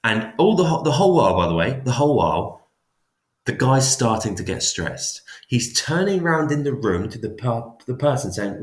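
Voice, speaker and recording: Deep-voiced man lecturing casually. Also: lively intonation, moderate pace, roomy sound. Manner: casual, chatty, full of restarts and asides. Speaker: psychology teacher. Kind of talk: informal classroom lecture.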